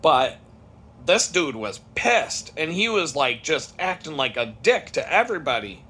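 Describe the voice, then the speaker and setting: A man's voice: on the high side, big pitch swings, a little slow, pushed and bright, husky. A man rambling through a casual, profane story about his day at work, full of restarts and swearing. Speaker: podcast host.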